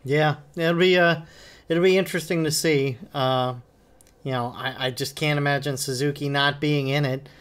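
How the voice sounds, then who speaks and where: A man's voice: on the high side, steady tone, moderate pace, fairly bright tone, smooth. Easygoing, hedging man co-host. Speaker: podcast co-host. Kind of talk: casual wrestling podcast chat.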